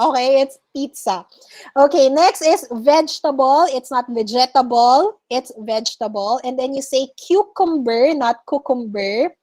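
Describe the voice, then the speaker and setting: A woman with a Filipino accent teaching a class over a video call, patiently correcting pronunciation word by word. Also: high voice. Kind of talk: online class lesson.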